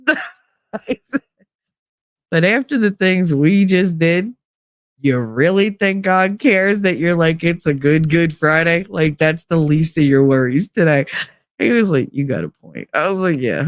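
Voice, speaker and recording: Lady spinning a story on her podcast, gravelly voice, dry close sound, swears a lot and laughs. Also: lowish voice, no echo. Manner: profane, laughing, acts out quoted voices. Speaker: podcast host. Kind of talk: casual storytelling.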